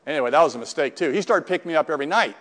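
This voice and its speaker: A man's voice: on the high side, expressive, very fast, a bit bright. A middle-aged man telling a rambling, self-deprecating recovery story to a live group, with many restarts and quoted dialogue. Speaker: speaker sharing a recovery story. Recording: long hall reverb.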